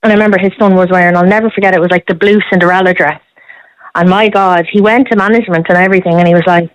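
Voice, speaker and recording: A woman calling in to a radio show, telling stories in an animated, chatty way. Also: lowish voice, racing, dry recording, highs cut off. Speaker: caller. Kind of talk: casual radio phone-in chat.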